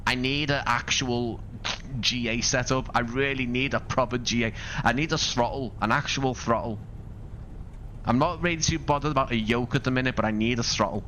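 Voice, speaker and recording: A man's voice: mid-range voice, moderate pace, pushed and bright, a little hiss or hum. A man from Liverpool with a Scouse accent, chatting casually while live-streaming a flight simulator, rambling and thinking aloud with asides to his viewers. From Liverpool, England.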